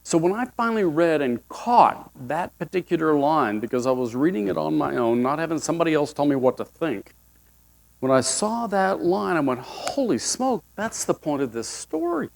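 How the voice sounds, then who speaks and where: A man's voice: fairly high pitch, animated, normal speed, vocal fry. A male pastor giving a sermon with folksy, humorous storytelling.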